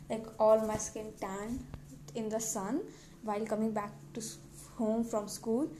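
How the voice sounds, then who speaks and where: This is a fairly high-pitched, darkish female voice belonging to a teen vlogger. She chats casually to camera, wandering from point to point, poking fun at herself and giggling often. There's faint noise in the background.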